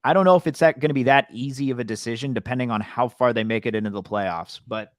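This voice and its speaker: A man's voice: mid-range voice, fast talker, no echo, studio quality. Laid-back man riffing on sports. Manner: loose and conversational, heavy use of "like". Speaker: podcast co-host. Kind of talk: casual sports chat.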